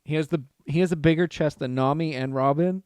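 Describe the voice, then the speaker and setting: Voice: mid-range voice, brisk, darkish tone, smooth, no room sound. A podcast host chatting casually, telling stories with lots of "yeah"s and laughter.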